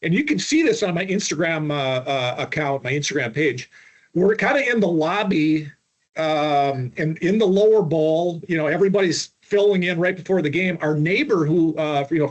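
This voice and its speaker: A middle-aged man from Minnesota, a podcast guest telling long stories with lots of restarts and fillers. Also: on the high side. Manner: rambling anecdotes with many restarts and fillers. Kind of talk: storytelling interview.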